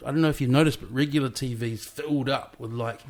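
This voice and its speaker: A man hosts a laid-back podcast chat. He wanders through his questions, stopping and restarting as he looks for his point. His voice has an average pitch for a man. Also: fairly even intonation, fast talker. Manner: rambling, hesitant, frequent ums and restarts. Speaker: podcast host.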